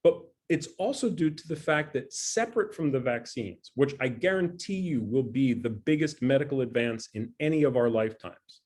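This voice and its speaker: A man's voice: mid-range voice, animated, moderate pace, few pauses, a little mellow. A middle-aged scientist giving a talk over a video call from his dining room. He speaks in a conversational, earnest way, with a mid-range voice and a self-deprecating touch. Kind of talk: presentation talk.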